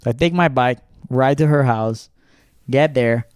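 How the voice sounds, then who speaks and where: A young man from Brazil co-hosting a podcast, telling a story in a casual, animated way, acting out the people in it and swearing freely. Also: mid-range voice, a little slow, smooth, dry recording, studio quality. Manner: animated, acts out quoted voices, swears freely. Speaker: podcast co-host.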